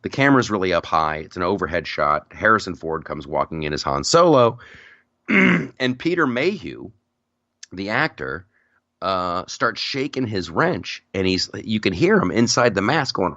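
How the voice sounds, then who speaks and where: In a dry, slightly dull recording with no room echo, a low-voiced man hosts a casual podcast conversation. He moves at a moderate pace, rambling through stories energetically and often starting his sentences over.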